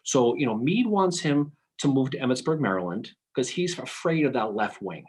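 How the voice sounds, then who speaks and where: A man's voice: medium pitch, animated, normal speed, a little mellow, slightly rough. A man talking through a history topic on a casual podcast, thinking aloud with frequent restarts. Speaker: podcast panelist.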